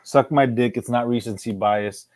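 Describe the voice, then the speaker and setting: A man's voice: medium pitch, moderate pace, darkish tone, no room sound. A man co-hosting a casual film podcast, talking in a brash, playfully provocative way with plenty of swearing. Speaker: podcast co-host. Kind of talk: casual chat.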